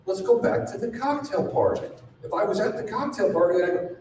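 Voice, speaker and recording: Animated male speaker in an echoey hall. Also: high-pitched, brisk. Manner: animated, punchy, rhetorical questions. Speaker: sales trainer and speaker. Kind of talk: live seminar talk to an audience. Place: large room with audience. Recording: very echoey room, distant mic, background noise.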